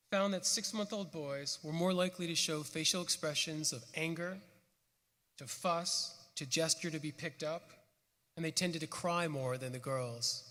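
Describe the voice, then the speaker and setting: A man giving a prepared conference lecture with a measured, earnest delivery. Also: a little high, sharp tone. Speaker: conference speaker. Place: conference hall. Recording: long hall reverb.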